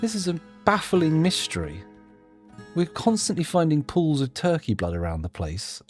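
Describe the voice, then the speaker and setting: A man's voice: a little high, very animated, moderate pace, faint music behind. A man hosting a gameplay video, thinking aloud in a jokey, self-deprecating ramble. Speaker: gameplay host. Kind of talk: rambling let's-play commentary.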